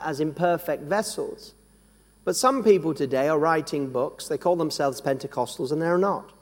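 A man preaching, his voice sitting high for a man. He speaks earnestly and repeats himself, stumbling and restarting phrases, and his voice rings with a long hall reverb. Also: darkish tone. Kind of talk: sermon.

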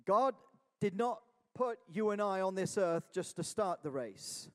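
A man's voice: high voice, expressive, measured pace. A man preaching a sermon, urging his listeners on with repeated calls of "Amen?". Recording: long hall reverb.

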